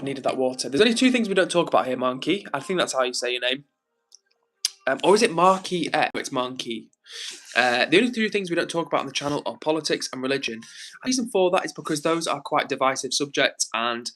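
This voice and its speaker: A man hosting a live stream, chatting casually and reading viewer comments aloud in a gentle, reassuring way. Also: on the high side. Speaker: livestream host reading chat.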